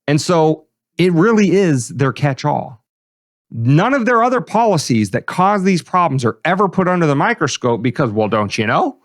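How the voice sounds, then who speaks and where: A man's voice: on the high side, big pitch swings, normal speed. A man co-hosting a podcast, giving sarcastic, opinionated commentary. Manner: sarcastic, wry. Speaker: podcast co-host.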